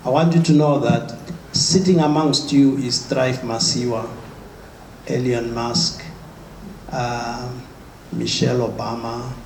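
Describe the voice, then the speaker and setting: A man's voice: medium pitch, fairly even intonation, slow, gravelly, pauses often, darkish tone. A man giving a motivational talk to a live audience, emphatic and often asking the crowd questions. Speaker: motivational speaker. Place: large hall with an audience. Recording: echoey hall with noise.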